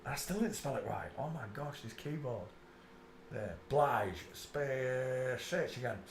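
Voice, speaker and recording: A man's voice: mid-range voice, animated, slow. Laughing man in an echoey room. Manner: mocking, laughs a lot, mutters to himself. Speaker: channel host. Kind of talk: casual live-stream commentary. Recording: roomy echo with faint background noise.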